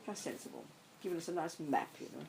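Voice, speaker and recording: Emphatic lower-voiced woman teaching. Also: fast talker, a little hiss or hum, low-quality recording. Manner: emphatic, animated, blunt. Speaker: Buddhist nun teacher. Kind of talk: dharma talk. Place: meditation centre hall.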